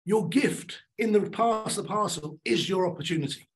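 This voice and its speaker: A middle-aged man giving a motivational talk on stage, emphatic and animated, repeating his key lines. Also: high voice, moderate pace, rough recording. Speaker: keynote speaker.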